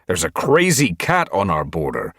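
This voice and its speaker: Man doing a stern tomcat leader, firm and insistent, husky voice, audiobook character. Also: low voice, wildly swooping pitch, moderate pace, a bit bright, no echo, clean studio sound, voice pushed up, full character voice. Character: stern male cat clan leader, determined.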